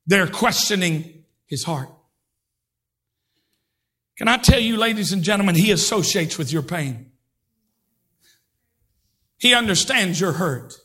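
A male pastor preaching a fervent sermon, swinging between shouted lines and hushed, drawn-out words. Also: sits high. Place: church sanctuary.

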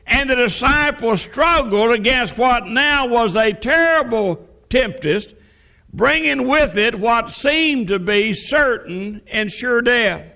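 A man preaching a sermon, retelling a Bible story vividly and dropping his pitch for dramatic effect. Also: lively intonation, takes it slowly, creaky, bright, forceful tone.

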